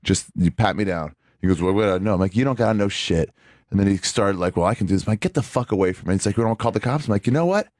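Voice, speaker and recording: A man's voice: fairly low pitch, very fast, darkish tone, dry recording, studio quality. A man, a comedian guest on a radio show, telling stories in a brash, profane way and acting out both sides of each exchange. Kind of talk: casual talk radio chat.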